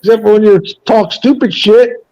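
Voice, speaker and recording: A man's voice: high voice, fairly even intonation, moderate pace, darkish tone, no echo, lo-fi sound. A man in a casual live chat, telling stories in a blunt, profane, rambling way. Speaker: panel host.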